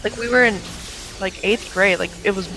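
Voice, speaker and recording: A woman's voice: medium pitch, moderate pace, noisy background. A woman telling an offhand story in casual gaming chat, full of fillers. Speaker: gamer in voice chat.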